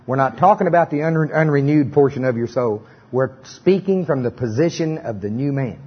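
A man's voice: medium pitch, a little fast, husky, highs cut off. A middle-aged man preaching and leading a congregation in repeated lines, with joking asides. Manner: animated, joking asides, leads congregation in repetition. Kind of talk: sermon with call-and-response.

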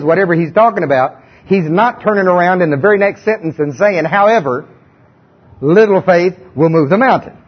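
Male preacher, high husky voice, chatty but emphatic sermon, dull lo-fi recording. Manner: conversational, emphatic, asks the audience questions.

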